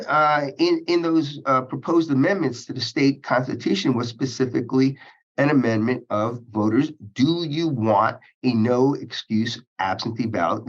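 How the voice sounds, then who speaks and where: A man as an interview guest, speaking in measured legal phrasing, halting often with uhs and restarts. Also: mid-range voice. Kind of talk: policy interview. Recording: dull lo-fi sound.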